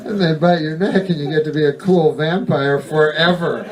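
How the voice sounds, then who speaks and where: A man doing stand-up comedy on a club stage, rambling through deadpan, profane digressions. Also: a little high, moderate pace, heavy background noise. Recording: distant live stage recording with crowd. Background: audience laughter.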